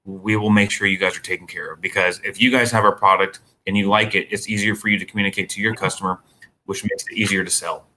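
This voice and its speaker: A man leads a product training session, fielding questions about the products. His voice is bright and forward, and his delivery is casual and conversational, with plenty of restarts. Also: fairly low pitch, quick pace, slight background noise. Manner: relaxed, conversational, many restarts. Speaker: vendor trainer.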